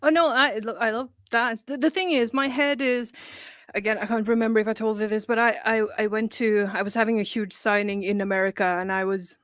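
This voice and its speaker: A woman, a comic writer guest, telling animated, profane, self-mocking stories in casual chat. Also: fairly high pitch, a little fast, dry recording.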